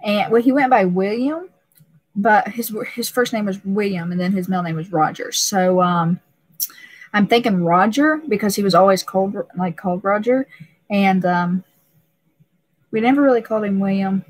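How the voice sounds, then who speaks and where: A woman's voice: mid-range voice, moderate pace, no echo, poor audio. A young pregnant woman hosting a casual live stream, talking emotionally and laughing often, with many restarts.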